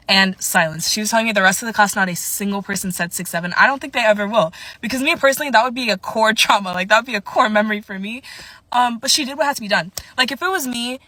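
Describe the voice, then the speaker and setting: A young woman casually telling a story to camera in a chatty, animated way. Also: medium pitch, quick pace, dry recording.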